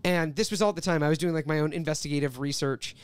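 A man in his twenties, a podcast guest, telling an animated story and reading out old posts. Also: fairly high pitch, fast talker, clean tone, dry recording, studio quality. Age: 20s. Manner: animated storytelling, quoting tweets. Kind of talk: casual podcast chat.

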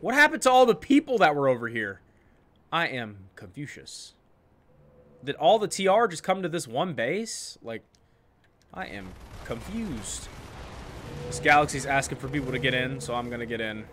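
A man chats casually over his gameplay in a slightly higher, bright and forceful voice. He jokes with himself and breaks into loud outbursts. A faint hiss sits under the recording. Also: animated, fast talker, few pauses. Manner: chatty, joking, loud outbursts. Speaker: gaming YouTuber.

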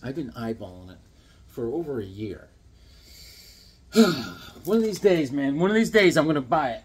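A man's voice: medium pitch, husky. A middle-aged man chatting casually about comics he got, rambling with enthusiasm and acting out voices as he tells stories. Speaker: comic collector vlogger. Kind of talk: casual unboxing chat with stories.

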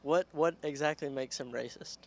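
A man's voice: on the high side, moderate pace, close to an everyday voice. A man playing a pushy, patriotic street reporter who asks leading questions in mock field interviews.

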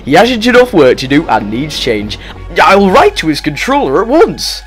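A man's voice: fairly high pitch, big pitch swings, normal speed, a bit bright, soft background music, voice pushed up. A man with a Scottish accent voicing a stout, bossy male railway boss who blusters indignantly. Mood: delighted.

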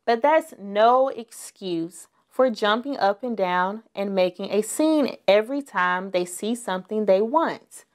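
A woman's voice: medium pitch, animated, measured pace, hardly any pauses, lightly acted. Woman reading as a firm, scolding mama bear. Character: stern but loving mother bear.

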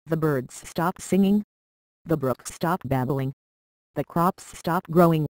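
A narrator reading a children's storybook aloud in a steady, even manner. The voice sits at a middle pitch, and the recording is dry and close with no room sound. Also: takes it slowly, no echo, poor audio.

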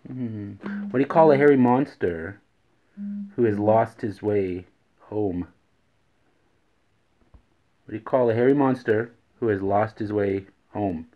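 Guy with a lowish voice doing dad jokes, says every riddle twice, giggles at his own puns, muffled lo-fi sound. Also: unhurried, long pauses. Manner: repeats each riddle, chuckles at his own punchlines. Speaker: host. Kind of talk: daily joke-telling vlog. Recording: dull lo-fi recording.

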